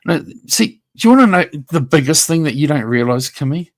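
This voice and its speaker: A male YouTube livestreamer is mid-rant, his voice a little high, expressive, and fast. He's confrontational and profane, taunting his rival directly and repeating himself as he needles.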